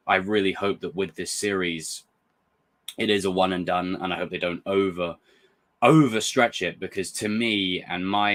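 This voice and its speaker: Male host for an excitable reaction-video ramble with a very deep voice, restarting sentences. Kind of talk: casual reaction commentary.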